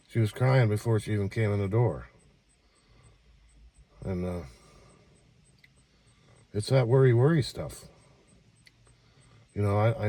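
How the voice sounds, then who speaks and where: A man's voice: lowish voice, dark tone, no room sound, distant mic. A man talking casually to his camera, rambling and repeating himself in an exasperated way, sitting in a small care home room. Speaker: vlogger. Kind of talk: casual vlog talk.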